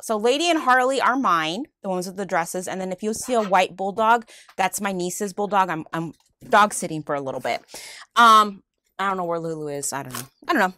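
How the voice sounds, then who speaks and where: A woman chatting casually in an unboxing vlog, gushing and excitable as she thanks a friend for each gift. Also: medium pitch, fairly quick. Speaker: vlogger unboxing friend mail. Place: at home with her dogs.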